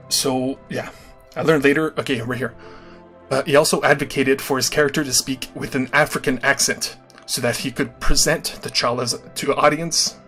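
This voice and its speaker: An earnest man talks to his livestream audience in a loose, conversational monologue. He keeps checking in with quick asides, and his voice sits at an ordinary mid pitch. Faint music plays behind him. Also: bright, forceful tone. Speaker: livestream host.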